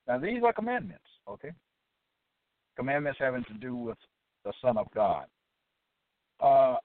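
A man presenting a religious talk, reading scripture verses in a slow, halting way with frequent fillers, then commenting on them. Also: mid-range voice, very animated, no echo. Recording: tinny phone-like dry recording.

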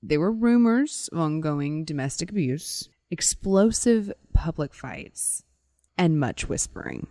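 A woman's voice: low voice, big pitch swings, unhurried, mellow, no room sound. A woman co-hosting a podcast, telling a story in casual chat and acting out quotes with playful voices. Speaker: podcast co-host.

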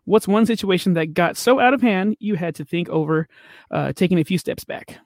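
A man's voice: high-pitched, brisk, no room sound, clean studio sound. A man co-hosting a podcast who jokes around in casual chat and reads out listener questions. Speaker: podcast co-host.

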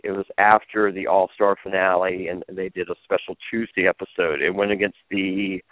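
Low-voiced man on a phone-like line. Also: dry recording. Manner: rambling, many restarts and fillers. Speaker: podcast guest, former reality show contestant. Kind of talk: casual interview storytelling. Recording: phone-like lo-fi audio.

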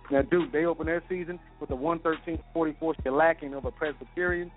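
A man's voice: a little high, steady tone. Man reading sports scores over a phone line. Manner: rapid score rundown, peppered with "man". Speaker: sports segment host. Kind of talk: radio sports rundown. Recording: tinny phone-line sound with faint music.

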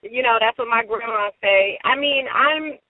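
Chatty woman guest from Ohio, phone-line sound, animated storyteller. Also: fairly high pitch, normal speed, dry recording. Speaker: guest matchmaker. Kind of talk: casual phone interview. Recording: tinny phone line, dry.

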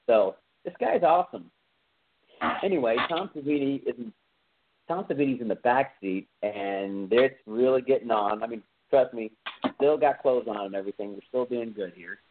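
A man's voice: medium pitch, moderate pace. A man hosting a podcast who retells a film scene in a casual, rambling, enthusiastic way, with many fillers. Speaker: podcast host. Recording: tinny phone-like sound.

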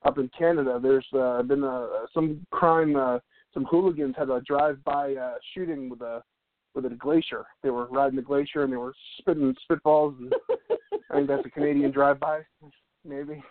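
A man's voice: mid-range voice, fairly even intonation, moderate pace, no echo. A man hosting a live radio show in a casual, joking, rambling way, with lots of fillers and restarts. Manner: jokey, rambling, with many fillers. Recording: tinny phone-like line, dry.

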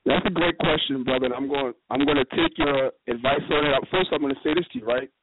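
A man talks quickly in a casual radio discussion, his voice sitting a little high and his stories full of lively quoted dialogue. He comes through a narrow, tinny phone line. A steady hiss runs under his words. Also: vocal fry. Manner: fast, animated storytelling with quoted dialogue. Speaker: guest speaker.

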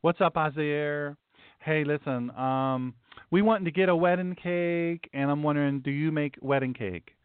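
A chatty young man rambles in a breezy, friendly way about a cake order, as a man puts him on. His voice sits a little low. The sound is thin and dry, like a phone call. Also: moderate pace, clean tone, dry recording, natural voice.

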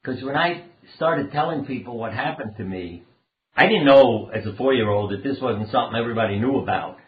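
A man's voice: medium pitch, a little fast. An older man, a doctor and author, earnestly telling rambling personal anecdotes as an interview guest. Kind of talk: conversational storytelling interview. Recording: phone-like line in a roomy space.

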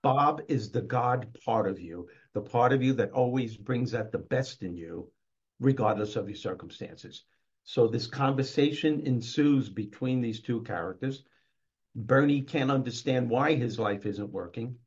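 A man who is a guest on an interview show tells a story in a lively way and acts out its scenes. His voice sits at a middle pitch. The audio is dull and lo-fi. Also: unhurried. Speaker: author and motivational speaker guest.

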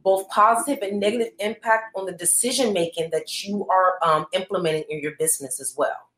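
A woman's voice: medium pitch, brisk, a bit bright, reverberant. A woman guest who runs an accounting business, talking candidly and telling her story in a rambling, casual way. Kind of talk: casual interview chat.

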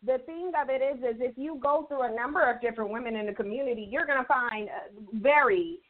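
A woman's voice: fairly high pitch, a little fast. A woman co-hosting a talk show, speaking earnestly and measuredly about her own experiences. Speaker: co-host. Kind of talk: personal, opinionated talk show discussion. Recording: tinny phone-line sound.

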